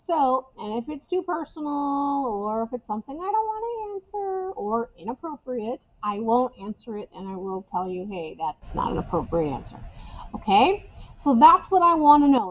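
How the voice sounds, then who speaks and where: A woman teacher talks through an assignment for her remote class in a relaxed, chatty way and repeats the key points. Her voice sits a little high, and the camera recording sounds slightly dull and lo-fi. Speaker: English teacher. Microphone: webcam or camera microphone.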